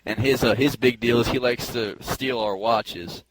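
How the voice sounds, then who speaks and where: A man's voice: mid-range voice, a little slow, noisy background. A man hosting a casual podcast, joking around and reading listener letters aloud. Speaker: podcast host.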